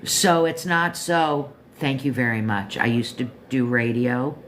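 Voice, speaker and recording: An older woman from Florida with a low, deep voice, hosting her own show and chatting casually about a book, self-joking and talking straight to listeners. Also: measured pace, a little hiss or hum. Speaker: show host reviewing a book. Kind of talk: casual rambling monologue.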